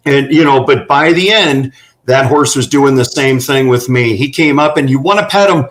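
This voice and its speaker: A man's voice: on the high side, animated, moderate pace, poor audio. A middle-aged man telling earnest, folksy stories about working with horses as a guest on a talk panel. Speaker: guest running horse therapy for veterans.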